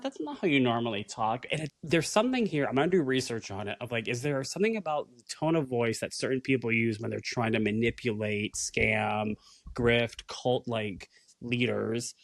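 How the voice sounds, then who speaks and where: A man co-hosting a podcast, talking casually in an animated, musing way with the odd swear. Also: medium pitch, normal speed, no room sound. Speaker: podcast co-host.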